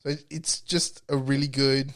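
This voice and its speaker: A man's voice: medium pitch, level tone, normal speed, fairly bright tone. Rambling man explaining in casual chat. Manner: explains at length with many fillers.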